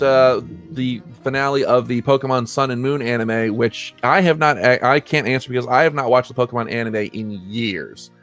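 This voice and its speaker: A man's voice: medium pitch, a bit bright. Rambling laid-back male podcast host. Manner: rambling, self-correcting, laughs often. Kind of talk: casual chat.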